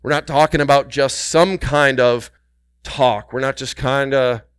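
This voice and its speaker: A man preaching a sermon, swinging between hushed, intimate passages and loud, urgent exhortation, repeating words for emphasis and calling on the congregation. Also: medium pitch, steady tone, measured pace, clear, resonant tone, no room sound. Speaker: pastor.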